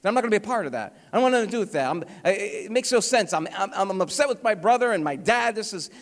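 A man's voice: high voice, lively intonation, fast, big-room sound. A man voicing a resentful, dutiful older brother who complains and justifies himself. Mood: sulky. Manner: complaining, sulky, self-justifying.

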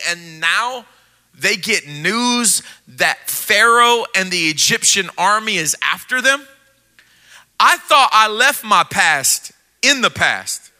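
Bright, lively pastor preaching. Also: male voice, high voice. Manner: playful, acts out voices, shifts from jokes to quiet intensity. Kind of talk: sermon.

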